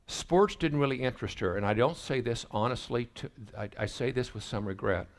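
Preaching to his congregation, a middle-aged pastor recounts family stories and animatedly acts out what each person said. He has a mid-range voice and talks a little fast.

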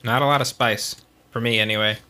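A man's voice: mid-range voice, steady tone, a little fast, bright, forceful tone, slight background noise. A young man co-hosting a podcast, chatting casually with a dry, joking manner. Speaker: podcast co-host. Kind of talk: casual chat.

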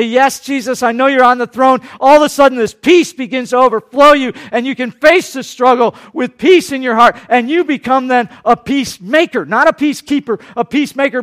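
High-voiced man preaching a sermon. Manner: preaching, acts out quoted voices, swings between loud and hushed. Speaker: pastor.

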